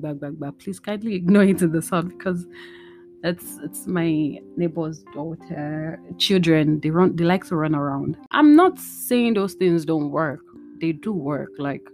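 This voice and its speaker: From her bedroom at home, a young woman shares a personal, heartfelt monologue with her listeners. Her slightly low voice sounds candid, emotional, and chatty, full of fillers, as soft guitar music plays faintly behind her.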